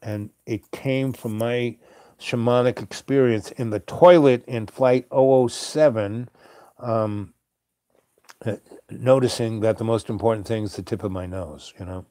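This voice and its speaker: A man hosting a show, telling a meandering late-night story with many fillers and soft chuckles. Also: medium pitch, steady tone, unhurried, no echo, studio quality. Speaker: host.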